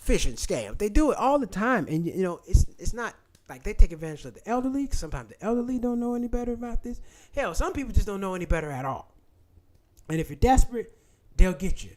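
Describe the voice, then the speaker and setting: Host, man, blunt and profane, high-pitched and animated. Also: fast talker. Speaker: channel host. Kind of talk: casual livestream talk.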